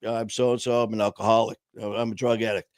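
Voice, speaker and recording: A man's voice: on the low side, level tone, quick pace, clean tone, no room sound, clean studio sound. Blunt profane man telling his story. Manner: blunt, profane, acts out dialogue. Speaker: podcast guest. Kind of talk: candid storytelling interview.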